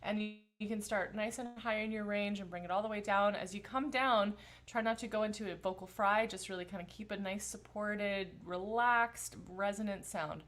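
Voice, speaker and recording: A woman voice teacher leading a live-streamed vocal warm-up class, giving gentle, encouraging instructions, greeting viewers by name, and demonstrating hums and sung sounds. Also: mid-range voice, fairly even intonation, normal speed.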